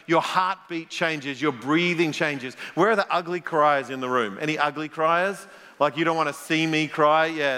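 A man's voice: on the high side, bright, forceful tone. A middle-aged man preaching a conversational sermon in a church, jokey and playful, quizzing the congregation as he goes. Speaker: pastor. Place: church hall. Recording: long reverb of a large hall.

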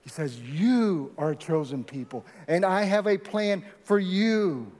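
A man preaching a sermon to a large congregation, lively and rallying, leading them in call and response. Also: high voice, measured pace. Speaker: pastor. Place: large church hall. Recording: echoey hall with long reverb.

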